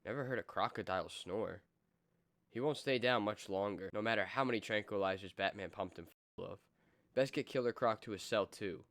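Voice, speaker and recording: A man's voice: on the low side, fairly quick, fairly bright tone, dry recording. A man reading a comic book aloud, doing all the characters himself. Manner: reads every character himself.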